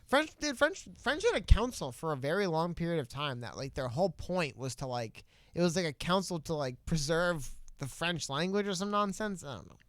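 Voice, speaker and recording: A man's voice: fairly high pitch, lively intonation, moderate pace, hardly any pauses, fairly bright tone, no room sound. A man co-hosting a casual political podcast, talking in a loose, rambling way. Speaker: podcast co-host.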